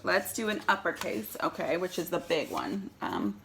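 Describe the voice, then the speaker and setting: A woman's voice: lowish voice, big pitch swings, moderate pace, gravelly, fairly bright tone, a little hiss or hum. A woman teaching young children at circle time, patient and checking in often with the kids. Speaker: preschool teacher.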